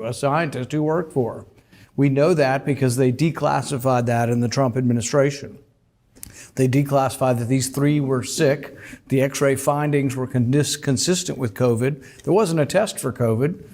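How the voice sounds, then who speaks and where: A man who is an author, speaking about his book in a deliberate, emphatic way, with frequent "uh" fillers. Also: mid-range voice, a little mellow.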